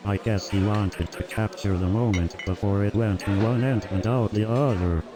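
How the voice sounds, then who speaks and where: Male synthetic stand-up comic, slightly low voice, stock joke setups, loud music underneath. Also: fairly even intonation, moderate pace. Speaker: stand-up comedian. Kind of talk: stand-up comedy routine. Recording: loud music and laugh track behind. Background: loud music and audience laughter.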